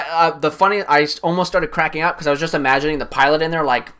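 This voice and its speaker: Bright-voiced man ranting about a film. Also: a little high. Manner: rambling, frequent swearing; animated, voice jumps up when excited. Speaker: streamer. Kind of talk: casual film recap.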